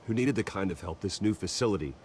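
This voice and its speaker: An actor playing a calm, guarded wealthy young heir, speaking in a measured, earnest way. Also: male voice, sits low, gravelly, slight background noise. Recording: game audio with faint music.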